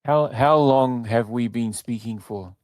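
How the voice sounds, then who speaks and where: A man casually testing a voice assistant, hesitant and halting with many fillers. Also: mid-range voice, a little mellow, no echo, clean studio sound. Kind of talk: casual chat.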